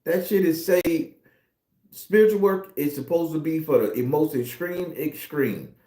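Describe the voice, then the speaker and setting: A man, a tarot reader, ranting in a casual monologue in a profane, animated, preachy way. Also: a little high, measured pace, echoey room.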